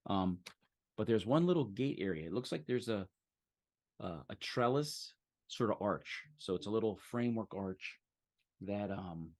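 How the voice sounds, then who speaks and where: A man as game master, describing a scene in a halting way with many fillers. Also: lowish voice, expressive. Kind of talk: narrating a tabletop game.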